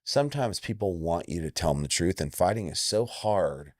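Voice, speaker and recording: A man's voice: expressive, moderate pace, no room sound. A man in his forties from Indiana, a fight coach talking bluntly and emphatically in an interview. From Indiana, USA. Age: 40s. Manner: blunt, emphatic, acts out quoted lines with jumps in pitch. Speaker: MMA coach, guest. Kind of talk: candid interview talk.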